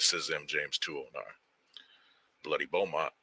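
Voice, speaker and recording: A man hosting a casual livestream, shouting out viewers by name in loose street slang. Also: extremely low pitch, steady tone, normal speed, breathy edge, no echo. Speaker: livestream host. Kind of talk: casual livestream chat reading viewer comments.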